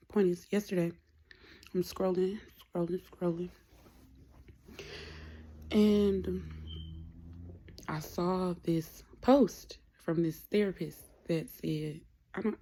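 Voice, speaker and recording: Gravelly-voiced woman rambling candidly. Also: lowish voice. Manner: rambling, candid, drifts into soft whispers. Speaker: vlogger. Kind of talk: casual personal vlog.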